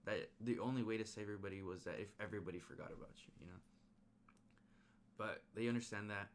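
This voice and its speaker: A man casually retelling a film's plot in a rambling, animated way, full of slang and restarts. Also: on the low side, fast talker, a little hiss or hum. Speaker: movie reviewer. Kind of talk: casual spoiler movie recap.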